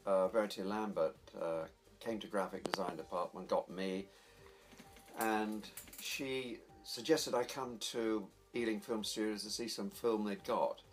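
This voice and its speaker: A man's voice: fairly low pitch, fairly even intonation, a little slow, soft background music. An older man, a graphic designer, reminiscing with enthusiasm in an interview.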